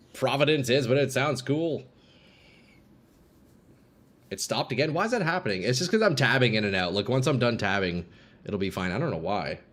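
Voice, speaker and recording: Using a desk mic at his home gaming setup, a man with a medium-pitched voice streams a game live. He keeps up casual commentary, reads viewer messages aloud, and breaks into sudden hype.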